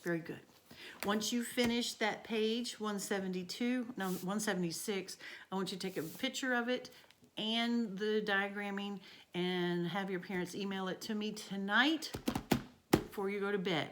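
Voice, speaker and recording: A woman's voice: medium pitch, steady tone, moderate pace, fairly bright tone, a little hiss or hum. A woman teacher, walking students through a grammar lesson by asking and answering her own questions. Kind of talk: recorded remote grammar lesson.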